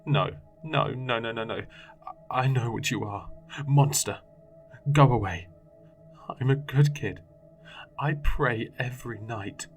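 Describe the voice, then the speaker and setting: A man's voice: fairly low pitch, brisk, hardly any pauses, faint music behind, close to an everyday voice. A man voicing a frightened seven-year-old boy who pleads and cries out in panic. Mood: pleading.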